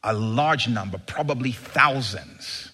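A male pastor preaching a sermon in an animated, emphatic way, with sudden bursts of excitement. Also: mid-range voice, slow pace, breathy edge.

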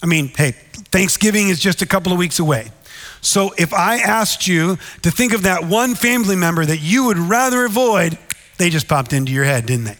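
A man's voice: sits high, expressive, moderate pace, a bit bright, in a large hall. A man preaching a sermon in an earnest, conversational way, often turning to the listeners with "right?". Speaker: pastor.

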